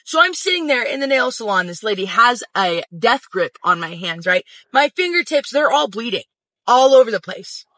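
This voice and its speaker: A man with a very high, bright and forceful voice tells a casual storytime, venting emphatically and swearing freely. The sound is dry and close, with no room around it. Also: big pitch swings, normal speed, no echo. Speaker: social media storyteller.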